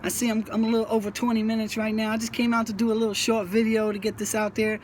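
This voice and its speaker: A man's voice: high-pitched, completely flat delivery, fast talker, a little hiss or hum. A man, hosting his own channel and giving earnest, repetitive advice to young viewers in a casual monologue, often stumbling and restarting. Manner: preachy, repeats himself, stumbles and restarts often. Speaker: YouTube host talking about prison life.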